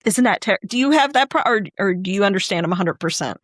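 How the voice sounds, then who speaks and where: A woman's voice: mid-range voice, animated, fast talker, no echo. Chatty woman, dry close sound. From Northwestern Pennsylvania. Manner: rambling, chatty, full of restarts. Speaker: podcast co-host. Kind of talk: casual chat.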